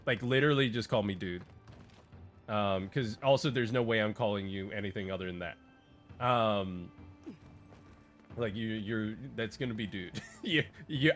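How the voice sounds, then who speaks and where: A man's voice: medium pitch, measured pace, fairly bright tone, soft background music. A man chatting casually on a gaming stream, rambling and joking with lots of fillers and restarts.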